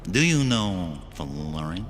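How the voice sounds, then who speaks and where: A man playing a menacing, cultured male killer doctor in a stage play, speaking slowly and mockingly. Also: low voice, sing-song, faint music behind, exaggerated voice. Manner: slow, sinister, mocking.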